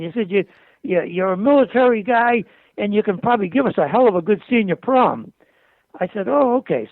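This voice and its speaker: Older male guest, raised voice, spins lively anecdotes, dry tinny phone-like sound. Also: high voice, dry recording. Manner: colorful, animated anecdotes with quoted dialogue. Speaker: interview guest. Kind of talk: storytelling in a conversation.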